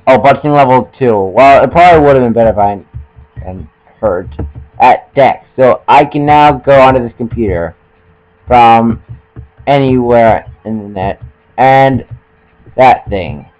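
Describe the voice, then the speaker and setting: A man's voice: mid-range voice, measured pace, a little mellow, highs cut off. A young man giving casual, joking commentary while playing a video game, often stumbling over his words and poking fun at himself. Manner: joking, self-mocking, trips over words. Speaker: let's play gamer.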